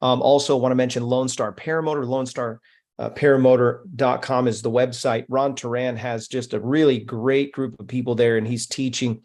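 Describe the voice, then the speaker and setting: Man, podcast host, flat even delivery, casual sponsor reads, lots of ums. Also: mid-range voice, moderate pace. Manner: relaxed, with many fillers. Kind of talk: casual podcast talk, reading sponsor mentions.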